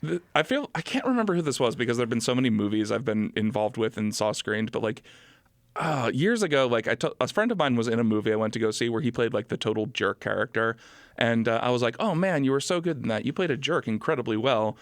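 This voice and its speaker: A man co-hosting a podcast in casual chat, relaxed and quick to laugh along. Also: mid-range voice, no echo, clean studio sound. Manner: laid-back, laughs along, improviser. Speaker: podcast co-host.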